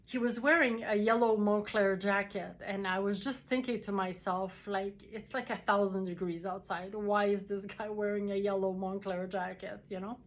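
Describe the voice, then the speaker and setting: A woman telling a personal story in a casual, halting way, with many fillers and restarts. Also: mid-range voice, fairly bright tone.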